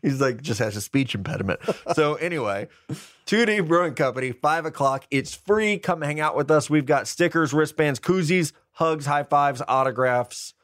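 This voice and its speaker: A man in his thirties hosting a casual sports podcast, upbeat and joking with quick asides. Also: fairly high pitch, animated, fairly bright tone, no room sound, clean studio sound. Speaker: podcast host.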